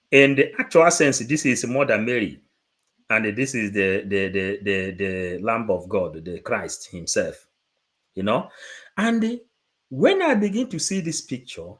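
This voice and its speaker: A man, giving an unscripted livestream talk, halting and repeating words, then rising into emphatic bursts. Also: mid-range voice. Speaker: livestream presenter.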